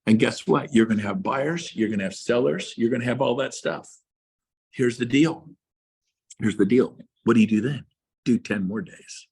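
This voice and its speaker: A middle-aged man with a husky, slightly breathy voice at an ordinary male pitch delivers a fired-up motivational talk to fellow realtors. He hammers his points with repeated phrases, and his voice leaps higher and louder whenever he pushes hardest. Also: brisk. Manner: passionate, emphatic, repeats phrases, big swings in pitch and loudness.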